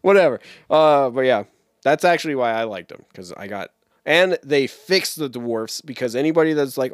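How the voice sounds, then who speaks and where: A man's voice: on the high side, normal speed, no echo, clean studio sound. A young man co-hosting a casual podcast chat, rambling and swearing as he talks. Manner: animated, rambling, swears often. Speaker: podcast co-host.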